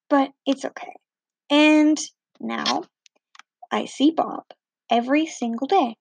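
A teenage girl telling a story in a chatty, animated way, acting out the other people's lines with different voices. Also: sits high, takes it slowly, vocal fry, pauses often, no room sound. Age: teens. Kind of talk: casual storytelling.

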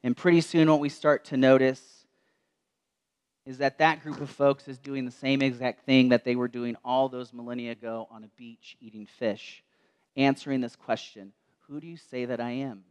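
A man preaching a sermon in a church, telling a story and dropping to slow, soft tones for quoted words. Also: medium pitch, level tone, clean tone, dull audio.

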